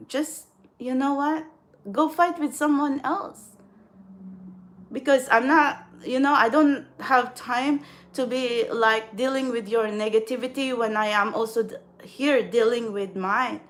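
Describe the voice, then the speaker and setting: A woman's voice: fairly high pitch, measured pace. A woman vlogging casually to her viewers. She rambles, laughs often, restarts her sentences and scolds trolls bluntly.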